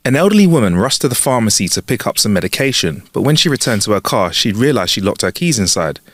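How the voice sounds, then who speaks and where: Young man, joke-telling podcast co-host; lively intonation, dry close sound. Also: fairly low pitch, no room sound. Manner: banterous, quick to laugh. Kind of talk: casual chat and joke telling.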